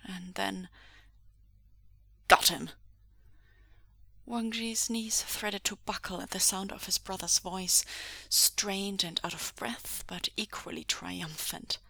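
A woman reading a fan story aloud in a breathy, half-whispered narration. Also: medium pitch, steady tone, measured pace, few pauses, bright, forceful tone, dry recording. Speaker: podfic reader. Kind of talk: audiobook narration.

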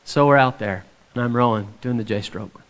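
A man giving a devotional talk to an audience, telling a personal story in an animated way and acting out the quotes. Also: medium pitch, normal speed. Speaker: speaker.

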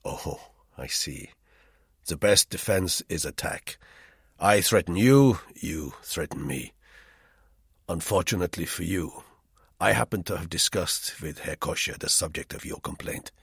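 A man's voice: low-pitched, animated, normal speed, gravelly, slightly rough, no room sound, studio quality, exaggerated voice. A man voicing an icy, sardonic spy. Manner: icy and acid, softly contemptuous. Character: cold, sardonic, menacing middle-aged male spy. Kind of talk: audiobook character reading.

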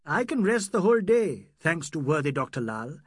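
A man's voice: on the high side, very animated, moderate pace, breathy edge, no echo, studio quality, pitched above the performer's own voice. A man reading an audiobook, voicing a proud, emotional young Indian doctor who turns from sardonic to earnest. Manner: sardonic, then earnest and pleading.

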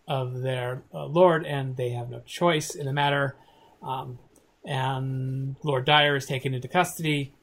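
A man narrating a tabletop adventure as game master. His speech is halting, broken up by pauses while he searches for words. His pitch is in a middle range. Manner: halting, many fillers and restarts while narrating.

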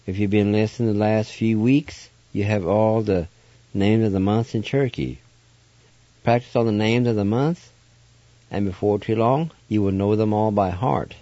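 A slow, low-voiced older man from leads a radio language lesson, spelling letters and repeating syllables with calm patience. His voice is mellow, and the recording is muffled and dry. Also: no room sound. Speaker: radio host teaching language.

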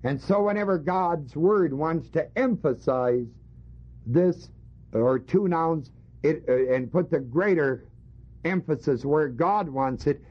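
A man's voice: a little high, husky. A male preacher teaching a Bible passage to his congregation, emphatic and fond of rhetorical questions. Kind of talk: sermon. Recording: dull lo-fi recording.

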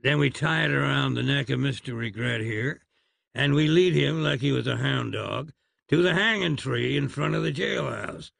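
Guy putting on a sly old west cowboy, drawly and gravelly, dry sound. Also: medium pitch, moderate pace, a bit bright, no echo. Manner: drawling folksy slang. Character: sly scheming frontier cowboy, middle-aged man.

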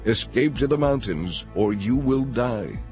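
A man's voice: mid-range voice, expressive, unhurried, over music, lightly acted. A man reading the commands of heavenly messengers in an urgent, firm tone.

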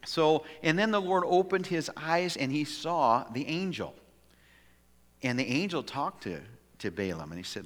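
A man preaching a sermon as pastor, telling a story in a lively way with many restarts. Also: on the high side, a little slow. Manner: animated storytelling with frequent restarts. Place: church sanctuary. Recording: long hall reverb.

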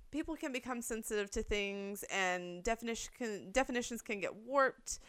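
Chatting casually as a podcast co-host, a woman with a slightly high, somewhat bright voice speaks at a moderate pace. She lays out her opinion at length, leaning on lots of fillers and swearing occasionally.

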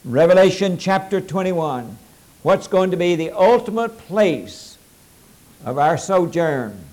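A man preaching a sermon in church, telling a folksy joke with lively storytelling. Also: high-pitched, slow pace. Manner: lively storytelling, chuckling at his own jokes. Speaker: pastor.

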